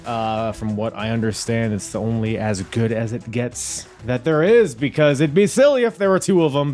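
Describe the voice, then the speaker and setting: A young man from Virginia hosts a wrestling podcast in a goofy, rambling, self-mocking way, joking with himself and the listener. His voice is lowish with a darkish tone.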